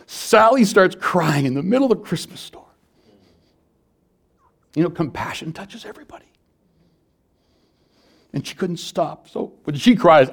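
A middle-aged male pastor preaching a sermon in a conversational, storytelling way, moving between soft and loud passages. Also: medium pitch, creaky.

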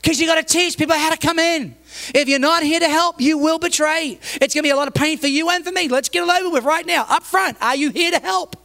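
A man with a high voice preaching a sermon as a pastor. He speaks emphatically, doubling back on words and repeating phrases. He acts out the people in his stories. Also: quick pace, gravelly, bright, forceful tone. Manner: tells stories, acting out the people in them.

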